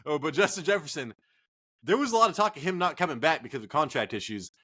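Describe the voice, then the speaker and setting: A man's voice: a little high, expressive, quick pace, pushed and bright, breathy edge. A man co-hosting a casual fantasy football podcast, a bit tipsy from drinking, joking, swearing and rambling. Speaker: podcast co-host.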